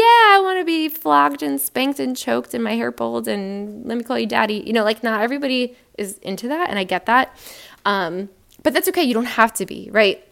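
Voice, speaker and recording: Frank, laughing woman podcaster. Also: fairly high pitch. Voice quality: frank, animated, laughing often. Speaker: podcast host. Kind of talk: solo podcast monologue.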